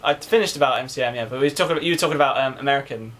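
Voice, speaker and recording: A man's voice: mid-range voice, rapid-fire, fairly bright tone. A young man, co-hosting a podcast, chatty and playfully insulting his friend. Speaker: podcast co-host. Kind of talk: casual banter.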